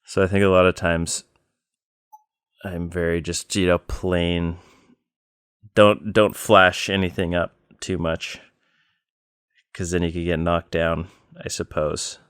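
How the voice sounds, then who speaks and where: A podcast co-host with a very low, resonant male voice chats casually, telling his stories plainly and at an unhurried pace, with lots of ums and likes in the gaps. His tone is level, slightly bright, and smooth. The recording is close and dry, with no room sound or echo.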